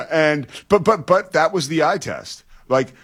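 Halting male sports radio co-host. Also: a little high, lively intonation, fairly bright tone, husky. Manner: halting, restarts a lot, chuckles.

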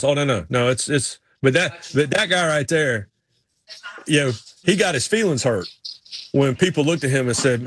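A man with a Southern US accent from North Carolina, co-hosting a casual sports talk show and telling rambling, animated stories. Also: medium pitch, moderate pace, a little hiss or hum. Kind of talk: casual radio show banter.

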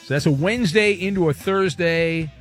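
A man's voice: fairly high pitch, faint music behind. A man hosting a radio talk show, joking and brash as he reads listener questions. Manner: brash, joking, quick asides.

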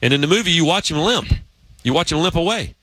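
Bright-voiced male sports show host. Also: fairly high pitch, lively intonation, fast talker, dry recording. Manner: storytelling, rambling with restarts. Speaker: podcast host. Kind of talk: casual sports chat.

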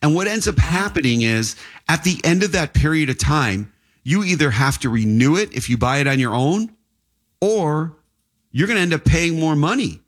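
A man's voice: a little high, animated, normal speed. A man, an insurance agent, chatting casually in an interview and telling rambling stories with frequent restarts.

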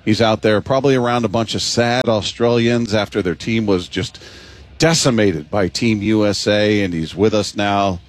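Low-voiced man hosting a radio show. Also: normal speed. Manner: upbeat, hyping up the guest. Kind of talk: radio talk show chat.

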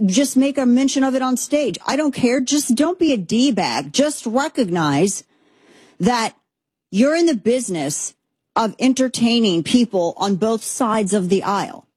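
A woman in her thirties or forties hosting a commentary show, talking in an animated, sarcastic and rambling way with many restarts. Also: on the high side, normal speed, breathy edge, dry recording. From Texas, USA. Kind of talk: opinionated monologue commentary.

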